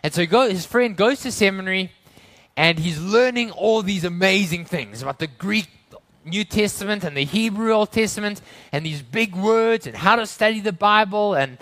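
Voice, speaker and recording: A man preaching a sermon in church, earnest, building to emphatic lines and then dropping to hushed tones. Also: high-pitched.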